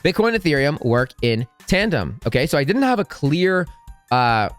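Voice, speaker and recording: A man's voice: a little high, sing-song, normal speed, faint music behind. A man hosting a trading channel, giving casual, emphatic market commentary over charts and often tagging on "right?". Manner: emphatic, blunt, keeps asking "right?".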